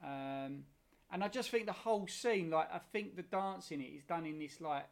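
A man's voice: a little high, normal speed, vocal fry. A man, chatting about films on a podcast, enthusiastic and rambling. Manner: enthusiastic, rambling, swears casually. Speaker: podcast co-host. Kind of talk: casual chat about films.

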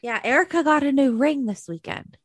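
A woman's voice: high voice, brisk, dry recording. A woman co-hosting a gossip podcast, reacting dramatically in casual chat. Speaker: podcast co-host.

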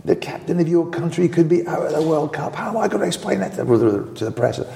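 A man putting on a scolding old football manager, high and strained. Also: expressive, quick pace, creaky, dark tone. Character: older male football manager, scolding and exasperated. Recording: roomy reverberant room sound.

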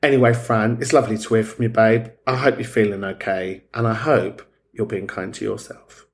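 A man's voice: fairly low pitch, fairly even intonation, brisk, slight background noise. A man hosting a podcast, talking in a frank, sweary and chatty way. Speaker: podcast host. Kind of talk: casual chat.

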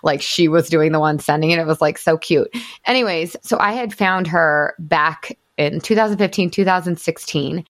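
A woman's voice: low-pitched, moderate pace. A woman in her thirties, a podcast host and coach, telling her story in a candid, casual way with lots of "like" fillers and some swearing.

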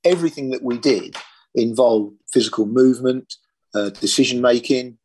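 A man's voice: mid-range voice, normal speed, darkish tone, breathy edge. An older man from Britain, a former police firearms officer, telling his story in a plain-spoken, matter-of-fact interview.

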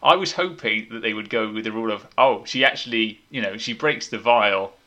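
Man, podcast host, casual film review, wry, opinionated, bright tone. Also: lowish voice, a little fast, muffled recording. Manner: wry, opinionated, leads the talk. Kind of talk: casual movie review chat.

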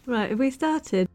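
A woman's voice: sits high, heavy background noise. A woman co-hosting a podcast in casual chat, giggly and self-mocking. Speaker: podcast co-host.

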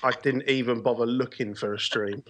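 A man's voice: medium pitch, steady tone, normal speed, fairly bright tone, no echo. A man joking and laughing through casual podcast chat as a co-host.

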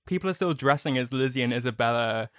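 A man co-hosting a podcast, joking and quick-witted in banter. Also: medium pitch, animated, a bit bright. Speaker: podcast co-host.

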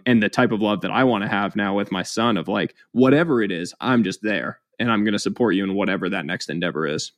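A man in his thirties speaks as a podcast guest in a fairly low voice. He tells his story candidly and reflectively, filling the gaps with "like" and "um". The recording is close and dry, with no room sound. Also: no room sound. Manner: candid, heavy use of "like" and "um".

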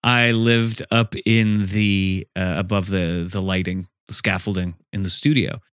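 A man with a fairly low voice tells absurd invented tales in a flat, straight-faced way. He is co-hosting a loose, improvised comedy podcast. The sound is dry and close, with no room echo. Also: a little slow, clean tone. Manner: deadpan, telling absurd made-up stories straight-faced. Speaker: podcast co-host. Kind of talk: casual improvised comedy chat.

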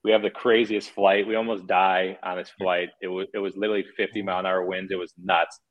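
A man's voice: deep voice, level tone, fast talker, phone-quality sound. A man in his thirties, a former hockey player, telling stories as a guest on a casual podcast in a rambling way full of restarts. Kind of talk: casual storytelling chat.

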